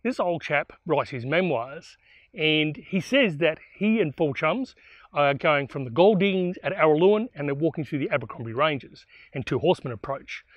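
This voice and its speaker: A man retelling a historical bushranger tale in a casual, animated way with asides. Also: fairly high pitch, moderate pace, dry recording, lo-fi sound. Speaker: storyteller. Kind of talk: spoken historical storytelling.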